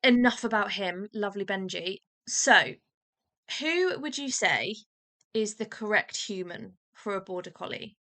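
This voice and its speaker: Woman hosting a podcast, bright voice, chatty, jokes around a lot. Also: medium pitch, lively intonation, unhurried. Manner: chatty, jokey storyteller who acts out the dog's replies. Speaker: podcast host. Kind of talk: casual podcast chat.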